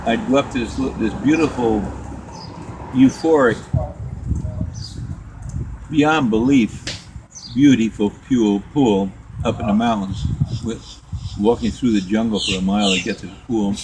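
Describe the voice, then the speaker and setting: Rambling older man telling old stories. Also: mid-range voice. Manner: rambling, restarts often, drawn-out storytelling. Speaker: interviewee telling war stories. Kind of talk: casual reminiscing interview. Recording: home recording with noticeable background noise.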